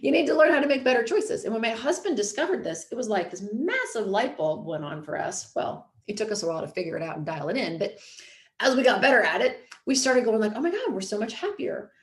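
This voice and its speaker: Fast and with lively intonation, this slightly high-voiced woman in her thirties talks chattily as a podcast host and coach. She leans heavily on "like" and "you know", and the recording sounds roomy.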